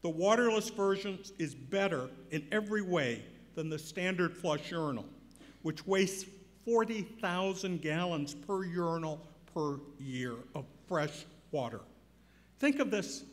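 An older man giving an award acceptance speech, telling a story and building to loud emphatic points. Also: a little high, unhurried. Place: large banquet hall. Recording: reverberant hall.

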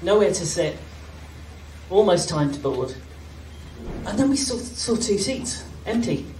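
A British woman with a fairly low, animated voice recounts a comic anecdote at her own expense, speaking a little slowly and laughing throughout. She's performing on stage in a fan-gathering hall, captured from afar amid echo, crowd roar and noise.

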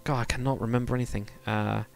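A man's voice: medium pitch, fairly even intonation, fast talker, creaky, faint music behind. Chatty man streaming a game. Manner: rambling, laughs often, chats with viewers. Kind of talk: casual livestream chat while building in a game.

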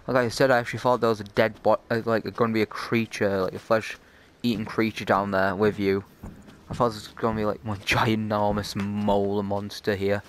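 A man's voice: on the low side, level tone, normal speed, a little hiss or hum. Chatty jokey gamer man. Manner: chatty, jokey, easily startled. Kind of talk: casual gameplay commentary.

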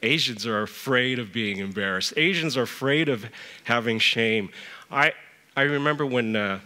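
Middle-aged male church elder, sermon delivery, bright tone, storytelling with emphatic pitch rises. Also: moderate pace, big-room sound.

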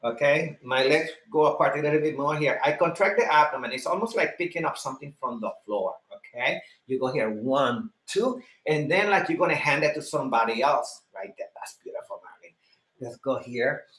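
A man's voice: mid-range voice, brisk, few pauses, fairly bright tone, roomy sound. A man leading a live online exercise class, counting repetitions, cueing breathing and encouraging students by name. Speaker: fitness instructor.

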